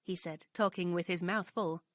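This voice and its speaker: A woman narrating a children's story, reading aloud clearly and expressively. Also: on the low side, steady tone, moderate pace, a little hiss or hum.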